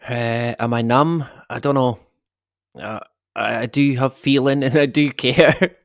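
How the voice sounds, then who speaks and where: A man's voice: medium pitch, fairly even intonation, a little slow, no room sound, clean studio sound. A middle-aged man hosting a casual live stream, rambling and swearing with the odd chuckle. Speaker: livestream host.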